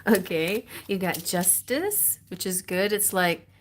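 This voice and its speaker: A woman giving a tarot reading on a live stream, rambling and excitable and often restarting her sentences. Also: medium pitch, drawn-out words, a little hiss or hum. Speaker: tarot reader.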